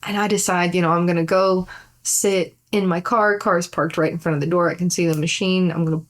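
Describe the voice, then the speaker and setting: A woman's voice: fairly low pitch, flat delivery, a little fast. A woman comedian telling a rambling anecdote on a podcast, laughing often and swearing freely. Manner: acts out gestures while talking. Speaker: comedian guest. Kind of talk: casual podcast storytelling.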